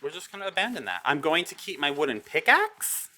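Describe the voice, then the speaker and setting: Young female gaming host, animated and excitable, big dramatic reactions over light music. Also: sits low, a little fast. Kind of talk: survival game commentary.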